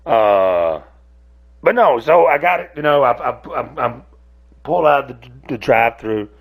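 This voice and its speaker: A man rants to his camera in a loose, rambling way, swearing freely and restarting his sentences. His voice has a gravelly edge and sits at an ordinary pitch. He is close to the mic. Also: animated, measured pace. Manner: rambling, profane, many restarts. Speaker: host. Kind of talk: casual solo rant to camera. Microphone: camera on a device, close.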